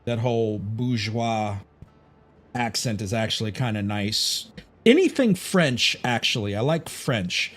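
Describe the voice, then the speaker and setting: A man's voice: on the low side, animated, a little slow, fairly bright tone, soft background music. A man from Chicago chatting casually on a gaming livestream, rambling, opinionated and swearing freely. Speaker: gaming streamer.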